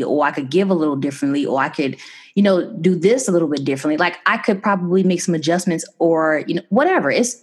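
Brief: woman, podcast host, lowish voice, bubbly and chatty. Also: slightly rough. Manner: bubbly, chatty, laughs often. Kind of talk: casual podcast chat.

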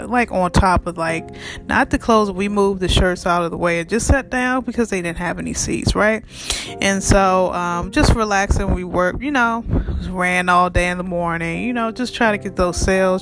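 A vlogger telling a heated storytime rant straight to viewers, animated and profane, calling out to the audience as she goes. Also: mid-range voice. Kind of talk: casual storytime rant to camera.

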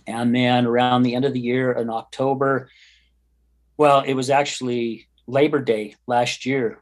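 A man who hosts a podcast, earnestly telling a personal story in an interview, rambling and acting out remembered conversations. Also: medium pitch. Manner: earnest, rambling, acts out quoted dialogue. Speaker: podcast host and guest.

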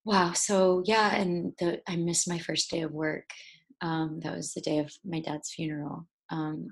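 Woman, young adult, gravelly, breathy, halting storytelling, voice breaking. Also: lowish voice, flat delivery. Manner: halting, with many restarts and fillers. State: tearful, voice breaking. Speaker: actor guest. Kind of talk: personal storytelling in an interview.

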